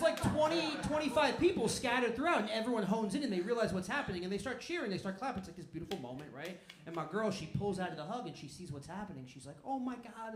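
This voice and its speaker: A man doing a stand-up set, telling stories fast and working the crowd, in a comedy club with a handheld mic. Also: fairly high pitch, noisy background. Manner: fast, animated storytelling with crowd work. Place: comedy club stage with laughing audience. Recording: echoey club with crowd laughter.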